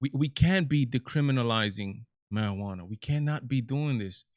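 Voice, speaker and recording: A man hosts his own live commentary stream. His voice sits at a middle pitch and he talks emphatically, often stumbling over repeated words before pressing on. The sound is dry and close. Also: lively intonation, normal speed, no room sound. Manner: emphatic, repetitive restarts. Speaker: show host.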